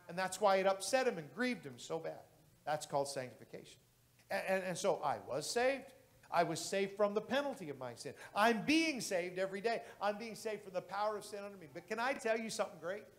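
A male pastor preaching a sermon with passion, building to loud exclamations. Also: high voice, animated, brisk.

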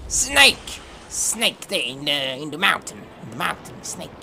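A man giving excitable gameplay commentary, yelping, swearing and laughing. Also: a little high, moderate pace, vocal fry, slight background noise. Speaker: gamer. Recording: game music behind the voice. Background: game music.

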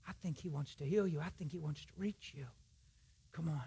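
A man preaching in a church, his voice a touch husky and pitched a bit high for a man. He talks in a folksy, emphatic way, rising to loud exhortation and then dropping to hushed, confiding asides. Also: fairly quick. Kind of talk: sermon.

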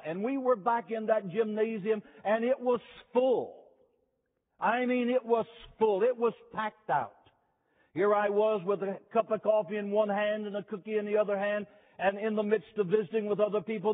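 A man preaching a sermon, telling stories slowly and emphatically, repeating key phrases. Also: high-pitched. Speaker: revival preacher. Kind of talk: sermon with storytelling. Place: chapel. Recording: tinny lo-fi chapel recording with long reverb.

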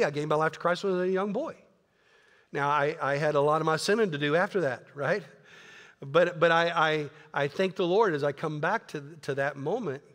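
A man's voice: sits high, a bit bright, big-room sound. A man pastor preaching a sermon in an earnest, conversational way, often repeating words. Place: church sanctuary.

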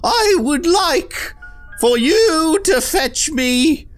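A man voicing a pompous, bossy rich old granny in a shrill falsetto with drawn-out words. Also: animated, soft background music, full character voice. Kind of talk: gameplay commentary with put-on voices.

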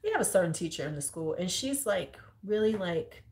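A woman in her forties with a Chicago accent, a high school teacher telling stories in a blunt, profane and animated casual chat, acting out the people she quotes. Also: fairly quick. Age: 40s.

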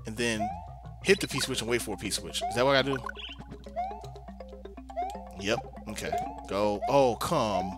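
A man's voice: on the low side, a little slow, long pauses. A young man giving casual commentary while playing a video game, talking to himself in exasperated mutters. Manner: talkative, exasperated muttering, playful drawl. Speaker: let's play gamer. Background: game music.

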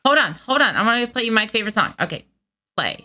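A woman's voice: on the high side, very animated, quick pace, sharp tone, soft background music. A woman on a casual phone call, playful and acting naive and easily distracted. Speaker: host.

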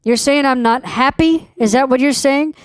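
A woman's voice: sits high, moderate pace, clean tone, dry recording, clean studio sound. A woman posing as a customer on a prank call, confrontational and demanding, swearing when annoyed. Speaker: scam baiter posing as a customer.

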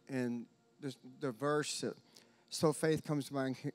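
A man speaking at a church open mic night, sharing the scripture he was led to that morning. He reads the verses slowly and with care. His voice sits in a middle pitch. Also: steady tone. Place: church service.

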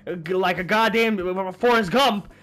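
A man giving casual gameplay commentary, profane and excitable, trash-talking as he plays. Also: high-pitched, moderate pace. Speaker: gaming channel host. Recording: game music behind.

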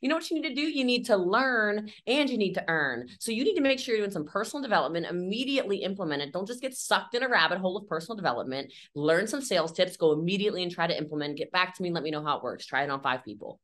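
This is a woman entrepreneur giving a lively, candid interview about sales. Her voice is bright and a bit sharp. She talks with emphatic energy, sprinkling in fillers and quick acted-out scenes. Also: lowish voice. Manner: energetic, chatty, emphatic, acts out little scenes with fillers like "like" and "okay".

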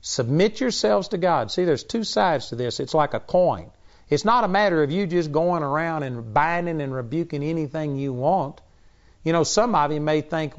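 A man delivering a Bible-teaching sermon in a blunt, emphatic way, his voice pitched a little higher than most men's. The sound is dull and slightly lo-fi, like an older broadcast. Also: normal speed.

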